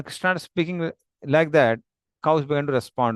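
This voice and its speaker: A man narrating a devotional story slowly and plainly, pointing to slides as he goes. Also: medium pitch, clean tone, no echo, studio quality. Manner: slow, plain, explanatory with pauses.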